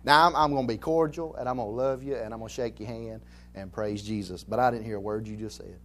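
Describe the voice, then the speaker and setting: A man's voice: lowish voice, steady tone, fast, a bit bright, slight background noise. A man from Alabama with a Southern accent, preaching a conversational sermon in a folksy, joking way and repeating phrases for emphasis. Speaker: pastor.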